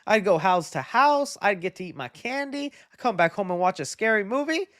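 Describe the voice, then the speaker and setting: A man hosting a casual livestream, chatting in a relaxed, friendly way while answering viewer donations. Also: high-pitched, brisk, dry recording, clean studio sound. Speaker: livestream host.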